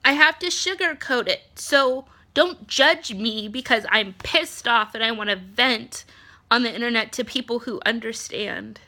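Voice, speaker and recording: A woman's voice: a little high, a little slow, sharp tone. A woman in her thirties, congested and a bit nasal, venting in a blunt, frustrated monologue full of ums and swearing. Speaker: vlogger, spouse of an ill partner.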